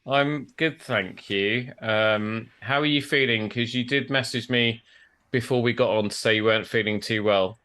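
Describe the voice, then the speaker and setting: A man hosts a relaxed podcast over a video call. His voice sits in a middle register, and he talks in a chatty way and laughs easily between scripted bits. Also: mid-range voice, normal speed. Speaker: podcast host and tailor. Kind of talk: casual podcast chat.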